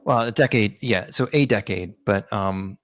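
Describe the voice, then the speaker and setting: A man's voice: fairly low pitch, normal speed, a bit bright, no room sound. A man co-hosting a podcast, chatting casually and explaining with hesitant fillers. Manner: hesitant, many fillers and restarts while explaining. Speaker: podcast co-host. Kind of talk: casual chat.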